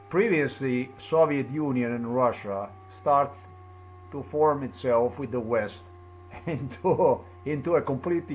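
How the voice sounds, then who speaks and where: A man with a slightly raised voice, talking alone to the camera. He rambles, circles back on the same phrases and drifts loosely from point to point, with no script. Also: a little high. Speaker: commentator. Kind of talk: rambling solo monologue.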